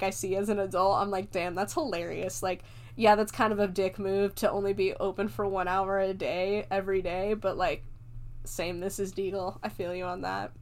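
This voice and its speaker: Woman, movie reviewer, relaxed profane recap, laughs a lot, mid pitch. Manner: loose and profane, laughs often, jokes along.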